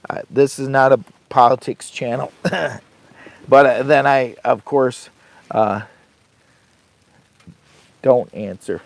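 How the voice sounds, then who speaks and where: A man's voice: medium pitch, steady tone, takes it slowly, creaky, pauses often, no room sound. An older man hosting a camping channel livestream, chatting in a rambling, folksy way from inside a heated tent. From Michigan. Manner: rambling, folksy, talks to chat and his dog. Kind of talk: casual livestream chat.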